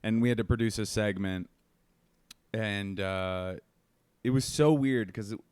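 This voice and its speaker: A man's voice: lowish voice, a little slow, darkish tone, smooth, dry recording. A man co-hosting a comedy podcast from home, rambling and joking casually with lots of fillers.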